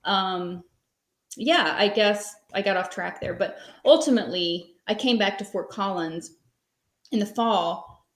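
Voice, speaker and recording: A woman in her thirties talks through her story as a podcast guest. She rambles in a relaxed, conversational way and leans on plenty of fillers. Her voice sits at a middling pitch, and the room around her is echoey. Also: a little slow. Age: 30s. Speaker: podcast guest, small business owner. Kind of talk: casual interview storytelling.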